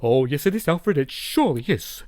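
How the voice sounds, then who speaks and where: A man voicing a mild-mannered male billionaire who speaks slowly and politely in a comedy audio drama. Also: on the high side, big pitch swings, darkish tone. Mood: genteel.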